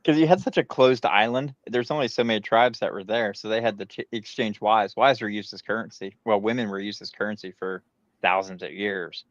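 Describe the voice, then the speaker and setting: A man's voice: lowish voice, brisk. A man co-hosting a live stream, talking crudely and lecturing on his points. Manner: lecturing, profane. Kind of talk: casual crude chat. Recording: dull, dry lo-fi mic.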